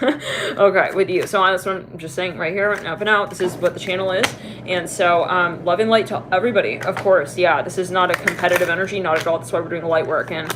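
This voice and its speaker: A chatty woman gives a casual tarot reading, laughing often and jumping into high put-on voices to quote people. Her voice sits at a middle pitch. There is a clear hiss of noise behind her. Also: a bit bright. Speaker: tarot reader.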